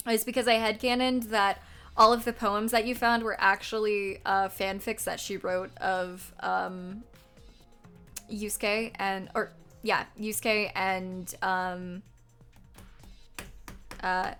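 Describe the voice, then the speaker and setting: A young woman streaming a game, chatting casually and rambling with fillers and self-corrections, often breaking into loud excited outcries. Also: medium pitch, a little slow, smooth, faint music behind.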